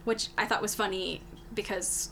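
A woman's voice: mid-range voice, steady tone, moderate pace, gravelly, bright, forceful tone, slight background noise. A woman hosting a podcast, recapping history in casual, chatty talk, swearing freely and laughing often. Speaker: podcast host.

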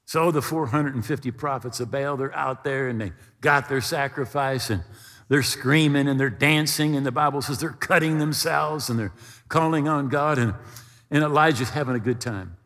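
A man preaching a sermon, retelling a story in an animated way and acting out the voices. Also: mid-range voice, moderate pace, in a large hall. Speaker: pastor.

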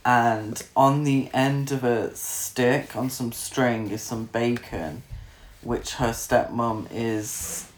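A man's voice: mid-range voice, steady tone, slow, slight background noise. A man, casually chatting about a film as a podcast co-host, laughing often and swearing freely. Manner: sweary, laughs a lot, mimics characters. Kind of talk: casual chat. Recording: echoey room.

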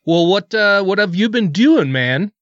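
A man's voice: sits high, expressive, a little slow, a bit bright, no echo, dull audio. A man co-hosting a podcast in casual chat, joking around and swearing freely. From Wisconsin. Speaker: podcast co-host.

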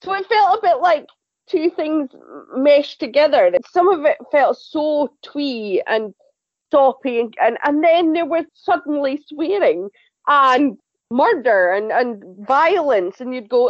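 A woman reviewing TV shows as a podcast panelist, chatty and animated, often stumbling and repeating words. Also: high-pitched, a little slow, no echo, muffled recording. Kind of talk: casual review chat.

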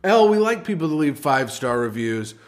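Dude hosting a podcast, kinda high voice, crude jokey news reading. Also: male voice, very animated, a little fast. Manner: crude, mock-serious news reading with jokes. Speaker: podcast host. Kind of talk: casual comedy podcast chat.

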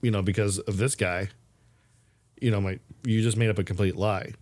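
This podcast co-host has a fairly low voice and talks a little fast. He chats casually and tells stories as an animated storyteller, laughing often.

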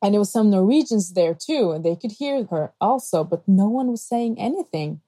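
A woman in her thirties, a pastor and podcast guest, telling personal stories in a lively way and acting out the people she quotes. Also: mid-range voice, moderate pace, slightly rough, low-quality recording. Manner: animated, acts out quoted voices. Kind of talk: conversational storytelling.

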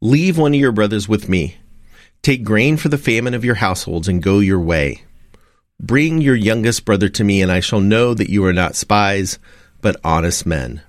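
A man's voice: on the low side, expressive, moderate pace, no echo, clean studio sound, close to an everyday voice. A man reading as a stern lord of the land.

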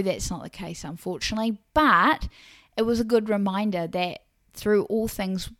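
A Christian parenting podcast host, an adult woman with a young child, delivers a faith-based monologue in a middle-pitched voice with dry, close sound. She's earnest and encouraging, addressing listeners directly as "Mama."

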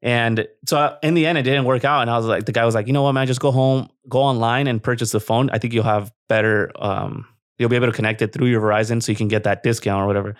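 A man's voice: mid-range voice, fast, dry recording. Man, podcast co-host, casual rant, profane, laughing, dry sound. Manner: profane, animated, laughs often. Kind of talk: casual ranting storytelling.

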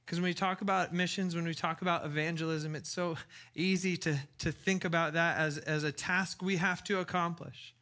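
Male preacher, casual conversational sermon, enthusiastic, stumbles and restarts a lot, somewhat high pitch. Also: fairly even intonation, normal speed, bright, forceful tone. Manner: chatty, enthusiastic, with frequent restarts and laughs. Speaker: pastor.

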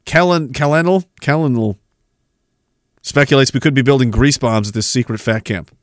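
A man's voice: medium pitch, moderate pace, no echo, clean studio sound. A man hosting a livestream podcast, ranting sarcastically, laughing at his own riffs and reading chat comments aloud. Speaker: podcast host.

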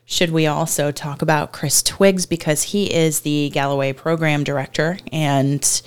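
A woman co-hosting a running podcast in casual chat, halting and full of short affirmations. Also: sits low, steady tone, clean tone. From Florida. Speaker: podcast co-host.

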